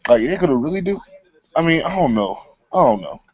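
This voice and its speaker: A man's voice: a little high, big pitch swings, a little fast, darkish tone, slightly rough, dry recording, highs cut off. A man co-hosting a casual movie chat, talking blunt and slangy. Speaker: co-host, film reviewer.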